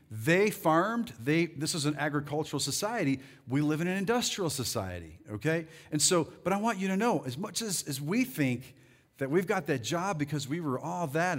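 Animated preaching man, slightly high voice. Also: husky. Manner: animated, rallies the crowd with "come on"; reads scripture slowly and deliberately. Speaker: pastor. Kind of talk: sermon.

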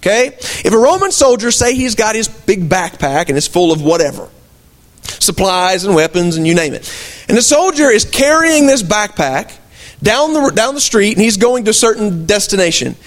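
A man's voice: high voice, sing-song, normal speed. A man preaching a sermon as pastor of his church, folksy asides and rhetorical questions to the congregation. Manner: conversational preaching, rhetorical questions, emphatic swings.

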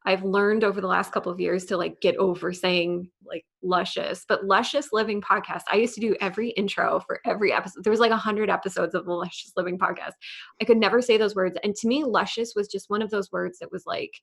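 Podcast guest, woman, New York accent, slight lisp, animated storyteller, lots of "like". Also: medium pitch, fast talker, gravelly, slightly rough. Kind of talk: casual interview chat.

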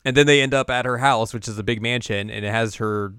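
A young man co-hosting a podcast, rambling through a casual anime episode recap in an animated way. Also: mid-range voice, fairly quick, smooth, dry recording, studio quality. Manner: rambling, animated, keeps slipping into character voices. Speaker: podcast co-host.

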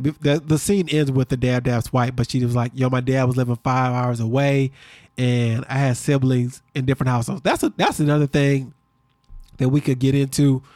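A man co-hosting a podcast, recapping a reality show in quick, animated casual chat. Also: mid-range voice, no echo, clean studio sound. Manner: fast-talking, animated storyteller. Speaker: podcast co-host.

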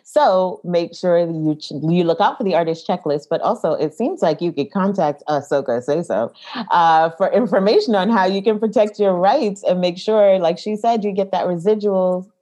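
A woman's voice: fairly low pitch, moderate pace, warm tone, rough recording. A woman co-hosting a podcast in casual chat, upbeat and giggly while giving practical advice. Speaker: podcast co-host.

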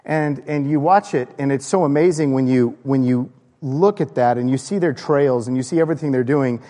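A man preaching a sermon, impassioned, swinging from loud raised bursts to low hushed lines. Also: normal speed. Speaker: pastor. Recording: long hall reverb.

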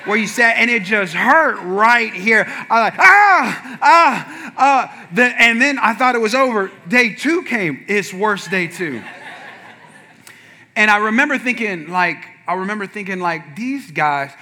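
A man preaching as a pastor, telling a funny personal story in a lively way and acting out the other people in it with sudden shouts. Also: high-pitched, unhurried. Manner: animated, acts out quotes with sudden shouts. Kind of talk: humorous sermon storytelling.

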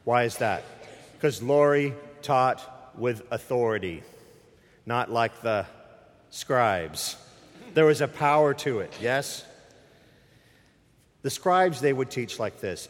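Speaking slowly with long pauses, a middle-aged male pastor uses a microphone in the church sanctuary to make an emphatic, conversational appeal straight to his congregation. His mid-range voice is expressive, and a long reverb tail trails his words.

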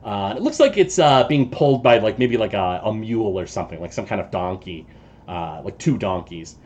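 A man narrating as game master of a tabletop game, halting and full of filler sounds. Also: on the low side, animated, a little mellow, dull audio.

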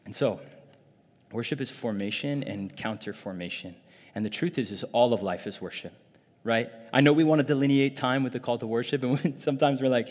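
A man's voice: mid-range voice, a little fast, darkish tone, big-room sound. A man preaching a sermon in a loose, conversational way, full of casual fillers, in a church. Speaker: pastor.

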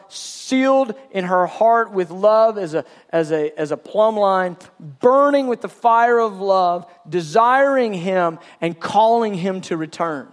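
A man preaching a sermon, fervent and emphatic, often restarting his phrases as he builds a point. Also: high-pitched. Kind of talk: sermon teaching.

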